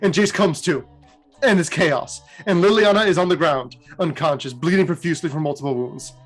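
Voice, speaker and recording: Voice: medium pitch, brisk, faint music behind. A podcast host casually retelling fantasy game lore, rambling with many fillers and laughing at the jokes. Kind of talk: casual storytelling.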